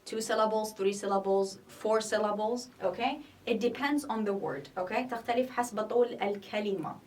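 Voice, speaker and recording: A woman's voice: mid-range voice, quick pace, darkish tone, recorded from a distance. A woman teaching an English grammar lesson, explaining patiently, repeating each point and checking in with "okay?". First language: not Arabic.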